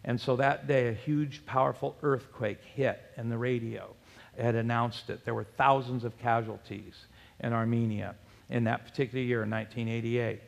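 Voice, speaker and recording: Gravelly-voiced pastor preaching in a hall. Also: male voice, medium pitch, steady tone, normal speed. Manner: preaching with rhetorical questions and scripture references. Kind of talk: sermon. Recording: long hall reverb.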